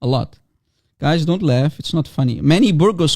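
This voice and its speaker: A man's voice: on the high side, animated, moderate pace, darkish tone. A man hosting a heated online debate, combative and mocking, hammering the same question over and over. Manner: combative, mocking, repeats himself insistently. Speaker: debate livestream host.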